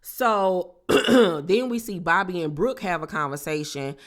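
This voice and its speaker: A woman recapping a reality TV episode in a casual, animated, gossipy way, with slangy exclamations. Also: on the low side, a little slow. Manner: animated, gossipy retelling with acted-out quotes.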